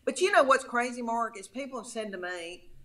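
Bright-voiced woman with a thick Tennessee drawl. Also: on the high side, fairly quick. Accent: thick rural Middle Tennessee drawl. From Middle Tennessee, USA. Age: 50s. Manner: storytelling, folksy, animated, calls people honey. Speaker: comedian guest. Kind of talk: casual chat.

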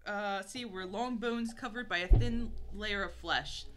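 Woman streamer reading a dumb book out loud, bright clear voice, keeps giggling. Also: medium pitch, a little slow, slight background noise. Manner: reads steadily, breaking into giggles. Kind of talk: reading aloud with joking commentary.

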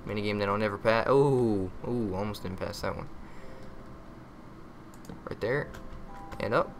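A man's voice: fairly low pitch, unhurried, soft background music. A man giving casual gameplay commentary, muttering to himself, yelping and cursing when frustrated, with crude jokes. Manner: muttering, easily frustrated, yelps and curses at the game; crude joking.

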